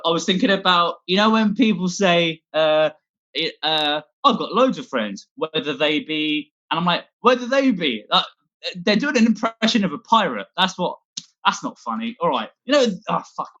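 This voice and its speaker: A stand-up comedian does a scattered, self-deprecating online set from home, rambling and swearing a lot as he goes. His voice is fairly high and sharp, and the recording sounds muffled.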